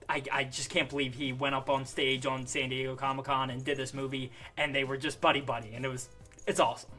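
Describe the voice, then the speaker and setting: A young man with a bright, forceful voice and a slightly high pitch, talking through a movie review. He gushes excitedly and fills his talk with "like". Faint music plays underneath. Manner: excitable, gushing, heavy use of "like". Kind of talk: casual spoken movie review.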